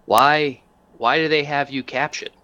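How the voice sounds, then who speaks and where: A man playing a gruff cyborg lieutenant at a gaming table, blunt and quick to swear. His voice runs a touch higher than his own and sounds bright and forceful. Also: fairly even intonation, lo-fi sound, a little hiss or hum. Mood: startled. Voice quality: brusque and swearing. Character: gruff cyborg male guard lieutenant, brusque.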